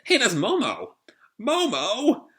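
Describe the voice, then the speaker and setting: A man voicing an excitable, reckless young male pirate who shouts eagerly. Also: fairly high pitch, unhurried, voice pushed up, full character voice.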